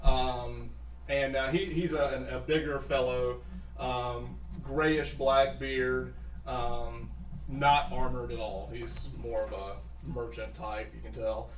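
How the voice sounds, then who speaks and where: A man's voice: medium pitch, little pitch movement, takes it slowly, reverberant, recorded from a distance. A man narrating a tabletop game as game master, laughing often and breaking into voices for the townsfolk.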